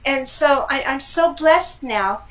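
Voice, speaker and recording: A middle-aged woman from California with a high voice tells her own story in an interview. She talks in a lively, animated way, with frequent laughs and exclamations. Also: takes it slowly, low-quality recording. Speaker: guest. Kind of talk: casual personal storytelling.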